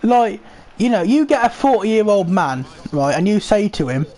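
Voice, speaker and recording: A young man talks in a loose, rambling way, swearing often. His voice sits high and leaps about in pitch. He sounds animated. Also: normal speed. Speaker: host. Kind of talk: casual chat while playing a football game.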